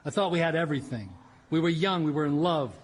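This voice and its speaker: A man's voice: a little high, quick pace, close to an everyday voice. An actor playing a heartbroken older man in a radio comedy, with hammy mock film-noir romance. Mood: wounded.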